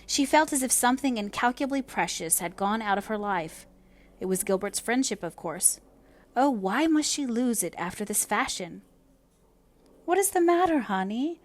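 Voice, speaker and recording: A woman reading a novel aloud as narrator, in a measured, expressive way. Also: medium pitch. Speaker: audiobook reader. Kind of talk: storybook narration.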